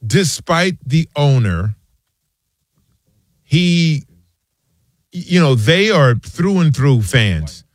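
A man's voice: on the high side, very animated, drawn-out words, long pauses, no echo, clean studio sound. A man co-hosting a casual sports talk show, telling stories and acting out his friends' lines. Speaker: co-host.

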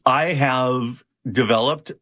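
A man's voice: mid-range voice, slow, sharp tone, no room sound, clean studio sound. A man who runs a hypnosis practice, explaining his methods in an interview with frequent fillers and restarts. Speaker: hypnotist, founder of a hypnosis center. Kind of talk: conversational interview answers.

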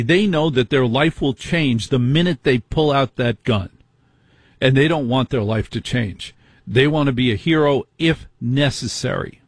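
A man's voice: medium pitch, breathy edge, no room sound. A middle-aged man hosting a talk radio show, ranting with indignant rhetorical questions.

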